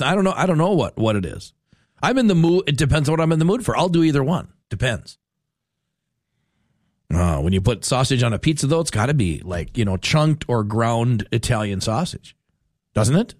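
A man hosting a talk radio show, rambling and animated in a casual rant. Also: mid-range voice, brisk, dry recording, studio quality. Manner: rambling, animated, self-interrupting.

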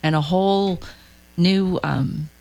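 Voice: mid-range voice, steady tone, slow pace, vocal fry, darkish tone, highs cut off. A speaker chiming in and agreeing in casual conversation.

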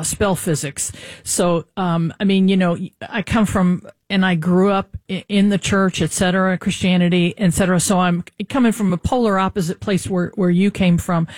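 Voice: medium pitch, a little mellow, no echo. A co-host in a casual interview, speaking hesitantly and appreciatively, with many restarts.

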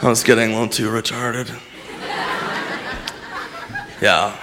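A man's voice: on the low side, fairly even intonation, fast talker, fairly bright tone, slight background noise. A man doing a stand-up comedy routine on stage with a dry, offhand delivery. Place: comedy club stage with audience. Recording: live club recording with crowd laughter.

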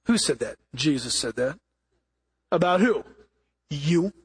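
A man preaching a sermon with a high, husky voice. He talks in an animated way and acts out the voices of people in his stories. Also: slow. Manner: animated, acts out quoted voices, repeats himself. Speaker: pastor.

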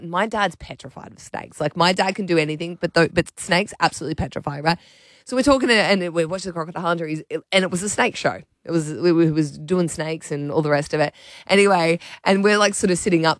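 An Australian morning radio host telling a story, animated and rambling, on a studio microphone. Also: medium pitch, fast, no room sound. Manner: animated, rambling, lots of fillers and laughs.

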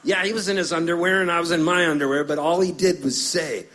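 A man's voice: a little high, fast talker. A middle-aged man from Canada telling jokey stories on stage between songs, acting out voices as he goes. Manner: animated, jokey, acts out voices.

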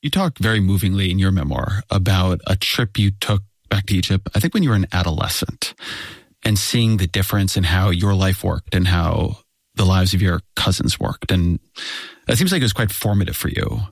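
Male host, low voice, measured, thoughtful questions, dry recording. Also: creaky, no room sound. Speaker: interviewer, host.

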